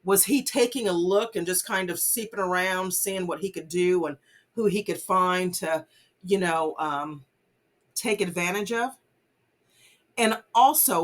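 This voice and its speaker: A woman vlogger giving casual commentary on a news case, earnest and full of fillers like "you know". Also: mid-range voice. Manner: earnest, many fillers, urges listeners not to judge. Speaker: vlogger host.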